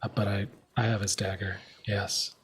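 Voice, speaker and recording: A man playing a tabletop game, speaking in a relaxed, halting, friendly way. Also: lowish voice, noisy background. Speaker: player. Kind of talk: in-character play.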